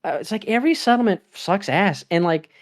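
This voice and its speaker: A man's voice: sits high, expressive, brisk. A young man co-hosting a gaming podcast, chatting casually in a rambling way, laughing often and acting out his own reactions. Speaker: podcast co-host.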